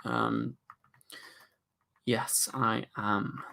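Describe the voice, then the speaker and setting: A man's voice: medium pitch, level tone, extremely slow, gravelly, pushed and bright. A young man hosting a casual livestream, reading chat questions aloud and rambling through his answers with plenty of fillers. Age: young adult. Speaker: livestream host.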